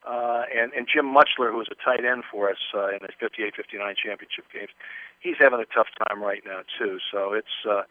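A man's voice: on the low side, fairly even intonation, a little fast, no room sound. An older man, a former football player, telling rambling anecdotes as an interview guest, with many restarts. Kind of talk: casual interview storytelling. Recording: tinny phone line.

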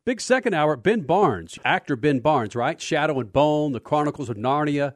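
A man's voice: fairly high pitch, lively intonation, normal speed, dry recording, clean studio sound. A man hosting a radio talk show, brash and upbeat, reading promos and slangy plugs.

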